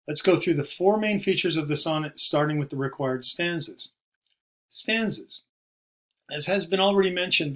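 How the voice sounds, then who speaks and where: A man giving a recorded poetry lesson, explaining terms in a measured way and slowing down to stress key words. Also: on the high side, fairly bright tone. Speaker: poetry teacher. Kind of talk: recorded video lecture.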